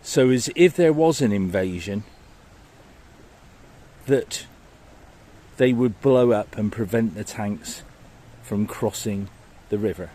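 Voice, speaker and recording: A man's voice: fairly low pitch, slow, pauses often, warm tone, slight background noise. A man narrating a walking history vlog outdoors by a river, enthusiastic and marvelling. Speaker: walking vlogger. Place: outdoors by a river and woodland path.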